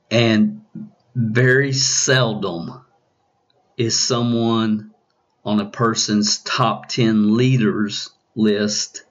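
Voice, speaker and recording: Slow, questioning male business coach. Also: lowish voice, highs cut off. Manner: probing, repeats questions, many restarts. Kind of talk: coaching podcast talk.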